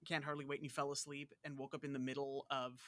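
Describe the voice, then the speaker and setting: A man with a Long Island accent, a guest actor chatting casually and picking at details with animated emphasis. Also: medium pitch, quick pace, dry recording. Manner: animated, nitpicky. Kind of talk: casual chat.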